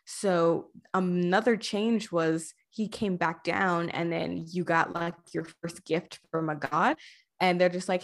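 A woman's voice: lowish voice, slow. Gushing woman retelling a video game. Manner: gushing, animated retelling with many fillers. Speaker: podcast guest. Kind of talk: casual podcast chat about a video game.

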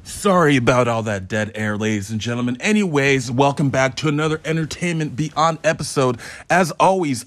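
A man's voice: fairly high pitch, no echo. A man hosting a solo review podcast, talking in a hyped, profane, joking ramble. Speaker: podcast host.

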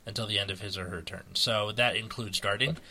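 A man's voice: fairly low pitch, fairly even intonation, a little fast, sharp tone, slightly rough. An American man co-hosting a casual chat, rambling with many fillers and restarts. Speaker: podcast co-host. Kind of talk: casual chat about a card game.

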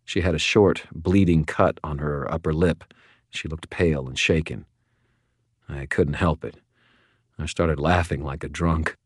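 A man with a very deep voice reads first-person narration for an audiobook, wry and measured. The recording is dry and close, with no room behind him. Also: fairly even intonation, slightly rough, no echo.

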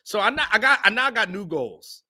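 Podcast host, male, high and very bright voice, slangy storyteller who chuckles a lot. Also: expressive, a little fast. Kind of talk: casual storytelling chat. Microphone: own microphone on a live stream.

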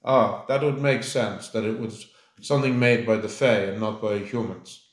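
A man's voice: on the low side, steady tone, normal speed, echoey room. A man narrating as game master of a tabletop game, rambling with many fillers.

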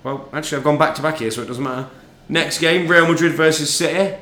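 A man's voice: on the high side, fast talker, bright, forceful tone. A man co-hosting a podcast, tallying football picks with dry, needling trash talk. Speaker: podcast co-host. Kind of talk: casual banter about football picks. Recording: roomy echo.

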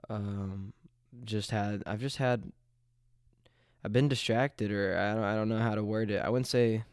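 A man's voice: on the low side, steady tone, a little slow, clean tone, no echo, clean studio sound. Nasal young man rambling on a podcast. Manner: rambling, hesitant, with many fillers and restarts. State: congested from allergies. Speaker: podcast host. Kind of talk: casual solo podcast.

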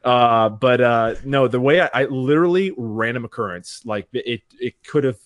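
A man's voice: mid-range voice, normal speed, no room sound, clean studio sound. A young man, a streamer and podcast guest, telling a rambling, self-deprecating story in casual chat. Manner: rambling, self-deprecating, acts out quoted voices.

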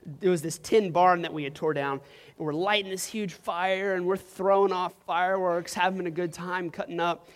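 A man's voice: sits high, fairly even intonation, moderate pace. A young man preaching a sermon to a congregation, telling a personal story casually with lots of "like" and "um.". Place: church hall. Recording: long reverb of a hall.

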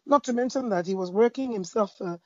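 A woman speaking about faith in a conversation, telling a parable with lively storytelling, fillers and restarts. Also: mid-range voice, brisk, dry recording, muffled recording. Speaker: Christian speaker. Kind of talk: preaching in a conversation.

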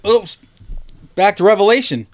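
Man, casual podcast host, animated storyteller, swears a lot, fairly high voice. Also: normal speed. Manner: animated storytelling, swears often, acts out quotes in a higher voice. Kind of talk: casual chat.

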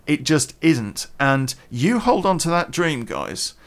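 A chatty British man holds forth in a casual podcast rant, his pitch sitting in an ordinary middle range. He is blunt and sprinkles in mild swearing and lots of "you know". He chews gum as he speaks. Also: sing-song, slow, few pauses, slight background noise. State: chewing gum. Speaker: podcast host. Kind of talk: casual ranting podcast monologue.

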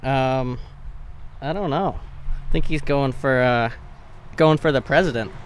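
A man in casual chat, dropping deadpan, crude one-liners. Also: mid-range voice, a little slow, a little hiss or hum.

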